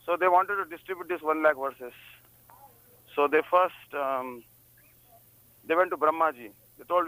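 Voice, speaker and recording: A religious speaker on a pilgrimage journey gives a spiritual discourse in a fairly high, sharp-toned voice. He tells stories and keeps checking in with listeners with a questioning "hmm?". The recording is rough, with no echo.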